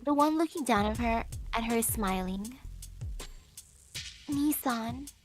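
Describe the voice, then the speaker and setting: High-voiced woman narrating a visual novel. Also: lively intonation, slow pace, soft background music. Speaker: vtuber guest.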